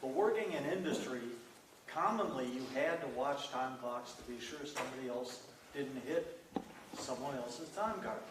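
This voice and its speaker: A man on a county board making a short, measured remark at a meeting. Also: mid-range voice. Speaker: board member. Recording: distant mic, echoey room, noise.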